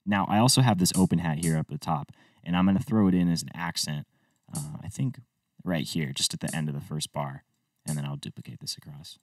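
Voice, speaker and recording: A man's voice: extremely low pitch, brisk, distant mic. A man and music producer talking through a tutorial step by step in an easygoing way. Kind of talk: screen-recorded tutorial walkthrough.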